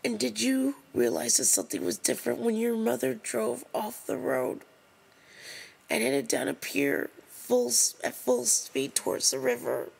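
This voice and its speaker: A woman reads an open letter aloud while in tears, her voice deeply gravelly and husky with fry. She speaks slowly and haltingly, stopping to apologize and start over, and her pitch swings widely as she struggles through the words. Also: animated, a little mellow, poor audio. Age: adult over 20. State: crying, tearful. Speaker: vlogger.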